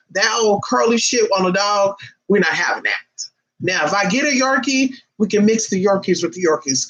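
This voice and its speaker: A sassy, foul-mouthed vlogger rants straight to camera with plenty of emphasis, tossing in honey and baby. The voice sits at a middle pitch, and the recording sounds dull and lo-fi. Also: fairly bright tone. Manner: calls listeners honey and baby. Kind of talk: casual ranting monologue to camera.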